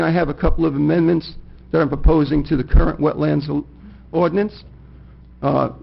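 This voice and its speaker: A man's voice: fairly high pitch, vocal fry. A man speaking as a county commissioner in a meeting, making urgent, repetitive appeals to the board. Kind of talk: formal meeting statement. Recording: muffled meeting-room recording.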